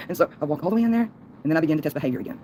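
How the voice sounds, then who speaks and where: A woman's voice: low voice, warm tone, a little hiss or hum, low-quality recording. A woman livestreaming a long, folksy, rambling monologue, laughing between thoughts.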